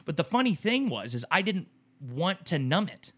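Co-host, man in his 30s, bright voice pitched a touch high, candid rambling storyteller. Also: big pitch swings, normal speed, breathy edge. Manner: rambling, emotional storytelling with restarts and swearing. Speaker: podcast co-host. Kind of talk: candid casual chat.

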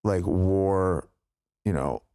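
A man co-hosting a podcast chats casually, rambling loosely with lots of fillers and tangents. His low, creaky, warm voice draws out words. The recording is dry and studio quality.

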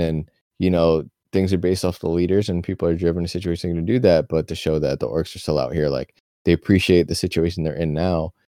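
A man's voice: low voice, mellow, no echo, clean studio sound. A young man co-hosting a casual podcast, talking through his thoughts in a rambling, slangy way. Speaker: podcast co-host. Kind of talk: casual chat about an anime.

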